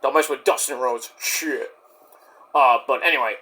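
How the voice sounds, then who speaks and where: A man's voice: mid-range voice, normal speed. A man giving a casual, profane recap of a wrestling show, acting out the wrestlers' lines as he goes. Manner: profane, excitable, acts out quotes. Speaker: wrestling reviewer.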